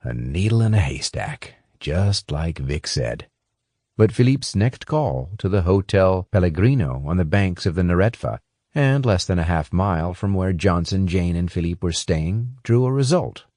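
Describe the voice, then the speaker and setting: Man, audiobook narrator, scripted narration, deep voice, dry close sound. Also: expressive, moderate pace, darkish tone, no echo.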